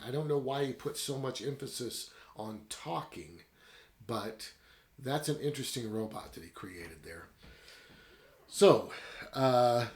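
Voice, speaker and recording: A man's voice: medium pitch, echoey room. Rambling man reviewing a book. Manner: rambling and conversational, retelling the plot. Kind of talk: casual book review talk.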